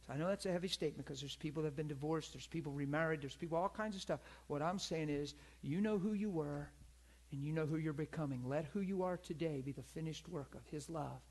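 A man's voice: a little high, quick pace, a little mellow. A middle-aged man preaching a sermon in a conversational, storytelling way, calling out to his congregation.

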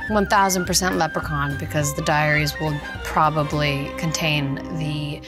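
A woman's voice: low voice, steady tone, normal speed, loud music behind the voice. A woman from Canada, an actress guest, in bubbly, teasing casual chat.

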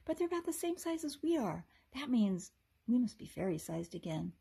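Woman doing timid young girl, husky, soft and high, storybook voice. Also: sing-song, normal speed, exaggerated voice. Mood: whispering.

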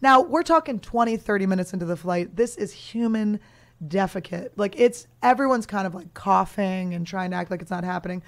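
A woman in her thirties hosting a comedy podcast, telling a story in a loose, animated way and laughing often. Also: mid-range voice, a little fast. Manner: animated, laughing, talks over her guest. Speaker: podcast host.

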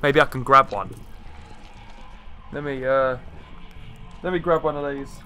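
A man gives casual let's-play commentary with a bright, forward tone. He is excitable and swears freely. He often talks straight to the creatures in the game. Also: medium pitch, measured pace, faint music behind. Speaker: gaming channel host.

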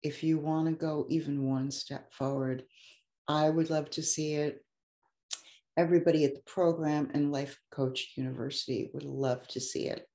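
A woman's voice: low-pitched, steady tone, normal speed, dark tone, echoey room. A woman life coach giving an effusive, heartfelt motivational talk to an online audience. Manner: effusive and heartfelt, gets emotional.

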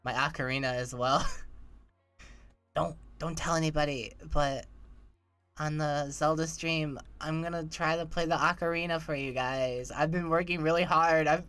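A young woman streamer, voice training toward a softer higher voice, chatting casually with her chat, swearing and laughing often, her throat a little phlegmy. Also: fairly even intonation, clear, resonant tone, faint music behind. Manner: profane, joking, quick to laugh. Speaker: livestreamer.

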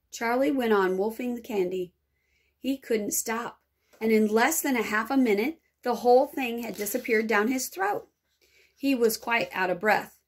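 Expressive woman teacher reading aloud. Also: a little high, husky.

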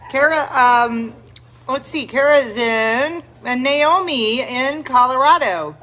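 A woman hosting a casual live-stream, speaking in a slow, unhurried drawl. Her voice sits fairly high, and she slips into doting baby talk for puppies. A faint hiss of background noise runs underneath. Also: sharp tone. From South Texas. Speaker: dog rescue leader hosting a livestream.

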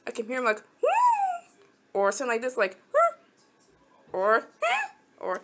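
A woman's voice: a little high, steady tone, normal speed, fairly bright tone. Rambling young woman playing phone games. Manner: rambling, talks to game characters, easily frustrated. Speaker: mobile game channel host. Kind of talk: casual gameplay commentary.

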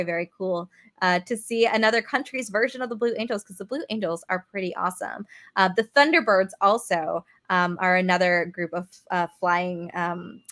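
A woman's voice: medium pitch, sharp tone. A young woman leading a live virtual museum tour, chatty and upbeat, answering viewer comments as she goes. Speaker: museum educator. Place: aircraft museum hangar.

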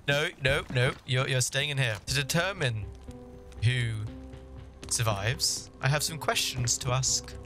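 A British man streaming a survival game, joking loudly and swearing in casual chat. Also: medium pitch, unhurried, over music.

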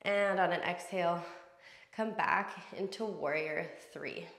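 A woman yoga instructor calmly cueing breath and poses through a guided class. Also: fairly low pitch, measured pace, gravelly, echoey room.

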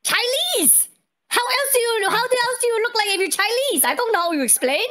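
A shrill, very high-pitched Chinese tiger mom, as a woman puts her on, scolding and bossy in a Cantonese accent. Her pitch leaps all over as she fires off broken, indignant English on a prank call. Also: lively intonation, a little fast, pushed and bright, exaggerated voice. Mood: sarcastic. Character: pushy, scolding middle-aged Chinese mother.

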